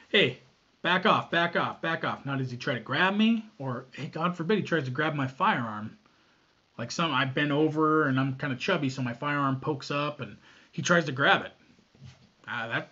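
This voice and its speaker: A man giving a casual, blunt talk on armed self-defense, swearing freely and acting out shouted commands. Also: on the high side, breathy edge. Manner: blunt, profane, acts out scenarios with shouted commands. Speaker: firearms self-defense instructor. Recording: dull lo-fi recording.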